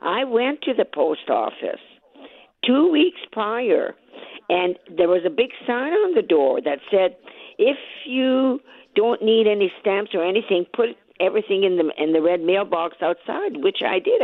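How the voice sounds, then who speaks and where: A woman with a raspy voice calling into a radio show, telling her story with excitement and acting out both sides of each conversation. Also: medium pitch, a little slow, no echo. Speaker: caller, lottery winner. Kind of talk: phone-in radio interview. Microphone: telephone. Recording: tinny phone line.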